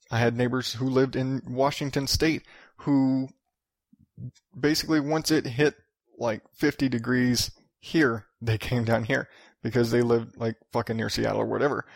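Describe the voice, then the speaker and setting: A man in his thirties rants and rambles on his own podcast, swearing freely. His voice sits in a middling pitch with a rough, gravelly edge. The sound is dry and close, with no room around it. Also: dry recording. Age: 30s. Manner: profane, rambling, ranting. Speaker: podcast host. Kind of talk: solo podcast rant.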